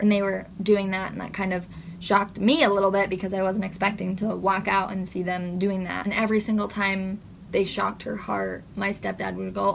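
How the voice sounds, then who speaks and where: A young woman speaking to her channel, recounting a painful memory in a soft, halting way. Her voice sits in a middle register and is textured with a noticeable vocal fry. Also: mid-range voice, little pitch movement, a little hiss or hum. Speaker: vlogger. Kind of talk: personal storytime recounting.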